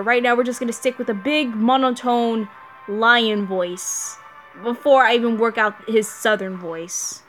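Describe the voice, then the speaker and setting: A woman's voice: a little high, a little slow, a bit bright, faint music behind. A woman commenting on a game she is playing, joking and giggling often. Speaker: game streamer.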